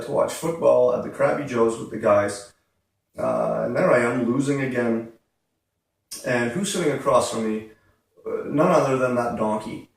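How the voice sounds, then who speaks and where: A man hosts a podcast, telling a story with animated exasperation and plenty of "uh" fillers. His voice has a gravelly edge. He sounds set back from the mic in a very echoey room. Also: medium pitch, recorded from a distance. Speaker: podcast host. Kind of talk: casual storytelling.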